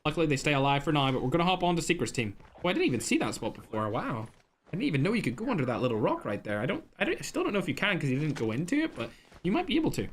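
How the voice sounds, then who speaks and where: A young man streaming live, calling an esports tournament with a slightly high voice. He bursts into frequent exclamations and keeps talking to his chat between plays. A faint hiss sits under the recording. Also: a bit bright. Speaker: streamer casting a mobile shooter tournament.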